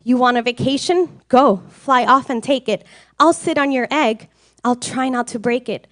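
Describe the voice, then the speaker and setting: Brief: woman voicing a loyal male elephant, steady and earnest, dry close sound. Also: high-pitched, normal speed, dry recording. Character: faithful gentle male elephant.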